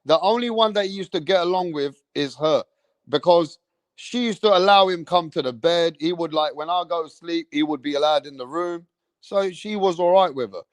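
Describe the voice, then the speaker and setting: High-voiced man telling rambling stories. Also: normal speed, no echo. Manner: animated, swears a lot, tags lines with "bruv". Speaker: live stream host. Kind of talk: rambling storytelling.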